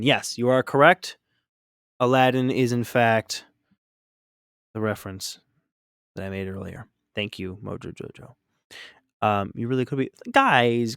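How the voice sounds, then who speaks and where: Chatty male streamer with a gravelly edge. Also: fairly low pitch, a bit bright, no echo, clean studio sound. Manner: rambling, upbeat, reacting to chat. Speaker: streamer painting miniatures. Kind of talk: casual live-stream chat.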